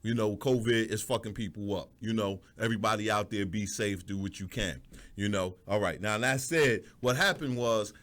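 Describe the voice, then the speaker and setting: A man hosting a radio show, telling a funny story in a loose, profane, animated way. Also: lowish voice, moderate pace. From Columbus, Ohio. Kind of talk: casual storytelling chat.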